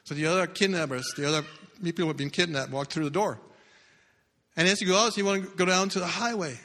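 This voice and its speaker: A man delivers a sermon as a dramatic story, jumping from loud bursts to hushed, low lines. His voice sits a little high and rings bright. The sound carries the long reverb of a church hall. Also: quick pace. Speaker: pastor.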